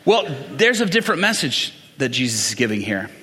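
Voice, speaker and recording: A man's voice: mid-range voice, sing-song, brisk, sharp tone, breathy edge, big-room sound. A man preaching a conversational sermon, quizzing the congregation as he works through Bible passages.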